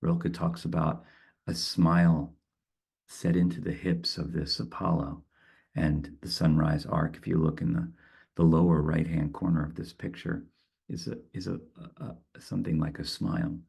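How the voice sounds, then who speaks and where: Man, poet leading a guided meditation, very husky, slow reflective reading. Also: low-pitched, a little mellow. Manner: slow, thoughtful, with halting repeats. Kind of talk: reflective talk and poetry reading.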